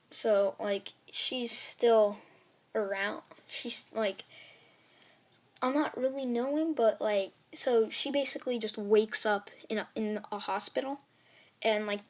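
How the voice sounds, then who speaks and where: A woman telling a fan-made story out loud in a loose, chatty way, full of fillers and restarts. Her voice sits at a middle pitch, and the telling runs on casually from one scene to the next. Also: level tone, normal speed. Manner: rambling, many fillers and restarts. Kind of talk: casual spoken fan-fiction retelling.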